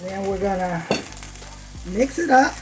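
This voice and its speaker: Slow-talking woman hosting a cooking video. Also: medium pitch, animated, low-quality recording. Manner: unhurried, chatty, talks to viewers as "you guys". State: slightly hoarse with a lingering cough. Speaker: cooking channel host. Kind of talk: home cooking demonstration.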